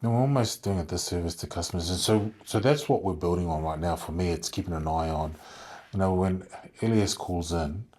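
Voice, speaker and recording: Husky low-voiced New man. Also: a little fast, a little mellow. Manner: thoughtful, rambling with many fillers and restarts. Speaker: guest, contact centre leader. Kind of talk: conversational podcast interview.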